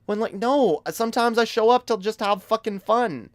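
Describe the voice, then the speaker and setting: A man's voice: high-pitched, normal speed, no echo. A man streaming a heated, casual commentary rant, emphatic and profane, often stumbling over repeated words.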